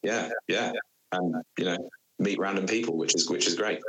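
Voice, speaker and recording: A man from England with a Bristol accent, a guest in a casual podcast chat, friendly and quick to laugh. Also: deep voice, fairly bright tone, low-quality recording. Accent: English, Bristol.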